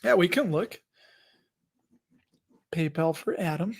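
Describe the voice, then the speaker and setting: A man's voice: high-pitched, animated, unhurried. A man in his forties hosting a casual livestream, chatting and joking while answering viewer questions. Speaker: host of investing livestream.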